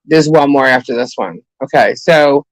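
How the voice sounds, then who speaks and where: A man's voice: medium pitch, normal speed, dry recording, low-quality recording. A man co-hosting a casual live stream, talking in a chatty way and greeting viewers by name.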